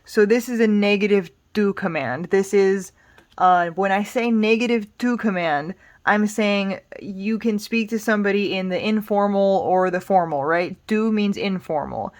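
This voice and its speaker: A woman teaching Spanish grammar in a relaxed, explanatory way, patient and reassuring, thinking aloud with small fillers. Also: mid-range voice, moderate pace. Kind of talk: casual explanatory lesson.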